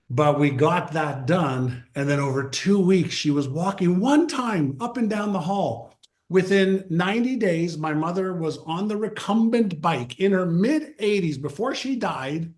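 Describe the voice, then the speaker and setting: A man in his sixties, a guest on an interview show, telling a story in a lively conversational way and acting out the quotes. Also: on the high side. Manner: animated, acts out quotes. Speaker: guest, mindset author.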